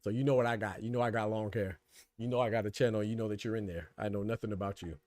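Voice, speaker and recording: A man hosting a boxing podcast live stream, casual and slangy, trash-talking his chat and laughing loudly. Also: fairly low pitch, steady tone, fast talker, no echo.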